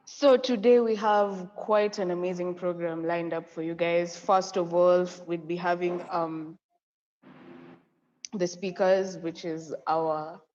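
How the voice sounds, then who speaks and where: A young woman with a Kenyan accent co-hosting a live online conference, effusive and excitable, often breaking into laughter. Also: lowish voice. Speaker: conference co-host. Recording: echoey, dull lo-fi audio.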